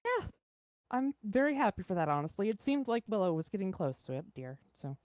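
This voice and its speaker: Lively, giggly young woman player. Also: mid-range voice, a little fast, no room sound, muffled recording. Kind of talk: casual tabletop play over voice chat.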